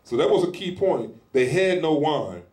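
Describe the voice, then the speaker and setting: A man preaching a sermon in a casual, animated style, acting out little scenes as he goes. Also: on the high side, moderate pace, reverberant. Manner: animated, acts out scenes in lively voices; speaks in informal colloquial style. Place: church hall.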